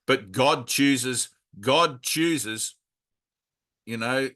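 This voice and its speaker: This is a man talking casually about spiritual life. His voice is bright and forceful. He is blunt and earthy, tosses in a curse now and then, and drifts from one aside to the next. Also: mid-range voice, drawn-out words. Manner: blunt and frank, swears freely, rambling with many asides. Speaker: spiritual teacher leading a satsang.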